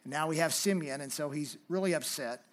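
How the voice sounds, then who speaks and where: A man delivers a sermon, reading scripture aloud in a fairly high voice. He leans hard on key phrases, then drops into a softer, conversational tone to explain them. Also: brisk. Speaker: pastor.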